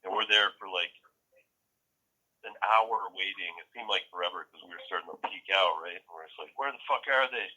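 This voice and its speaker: A man's voice: deep voice, steady tone, a little fast, sharp tone, breathy edge, rough recording. A man on a podcast telling a rambling, profane story in a casual way, laughing often. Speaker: podcast co-host.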